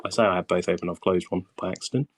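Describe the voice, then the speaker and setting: A game guide host with a low voice and fairly even intonation races through a casual voice-chat guide session, recorded with no room sound. He speaks hesitantly with many ums, and his voice is tiring.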